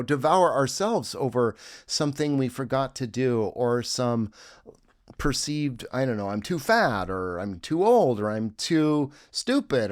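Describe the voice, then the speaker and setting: Earnest guy teaching slow and musing, sighs out loud between words, mid pitch, dry close sound. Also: no room sound. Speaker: self-help teacher. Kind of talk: reflective teaching talk with breathing exercise.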